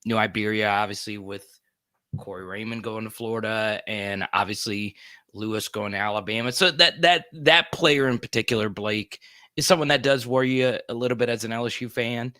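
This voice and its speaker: An upbeat man co-hosts a casual sports talk show with a bright, forceful voice. He talks quickly and often restarts his sentences. The sound is dry and close. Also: lowish voice, no room sound.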